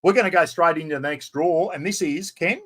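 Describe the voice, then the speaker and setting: Excitable Australian man hosting a stream. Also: a little high, fairly quick. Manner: excitable, chatty, self-mocking. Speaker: live stream host. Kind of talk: casual live stream giveaway chat.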